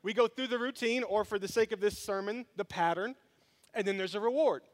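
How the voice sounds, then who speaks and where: A man's voice: high voice, fairly quick. A man preaching a sermon as pastor, telling a story with humor and speaking straight to his congregation. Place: church sanctuary.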